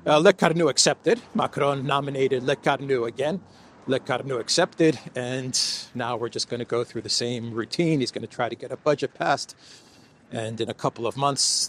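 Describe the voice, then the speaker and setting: A man's voice: medium pitch, a bit bright, slight background noise. A man giving mocking, rambling political commentary while walking through an indoor food court, recorded on a handheld phone. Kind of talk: casual walk-and-talk vlog.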